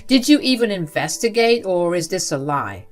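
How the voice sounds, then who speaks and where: A woman voicing a furious middle-aged father, confronting his mother in an outraged, shouting way. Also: fairly low pitch, very animated, moderate pace, faint music behind.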